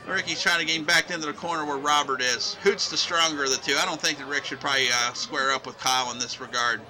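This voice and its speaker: A man hosting and calling play-by-play over old wrestling footage, excitable, shouting on big moves and drifting into loose rambling asides. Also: a little high, fast talker, hardly any pauses, noisy background. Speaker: host and wrestling commentator.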